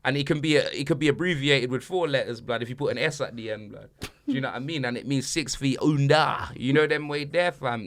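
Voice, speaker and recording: A man hosting a football banter podcast, talking in slang with loud, laughing bursts. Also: mid-range voice, fast.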